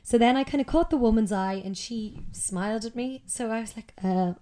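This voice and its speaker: A woman's voice: fairly high pitch, moderate pace, dark tone. A woman telling a personal story in a conversational way, with frequent ums and self-corrections.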